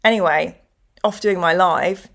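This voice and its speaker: Speaking at a measured pace with vocal fry, this middle-aged female host has a lowish voice. She chats casually on her show and tells stories, performing the voices of the people she quotes.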